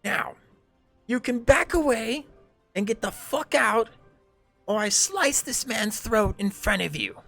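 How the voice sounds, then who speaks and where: A man voicing a crude, menacing male villain leader, pitched well above his own voice. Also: animated, slow, creaky, pushed and bright, soft background music, exaggerated voice. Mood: threatening. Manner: sneering, crude and threatening.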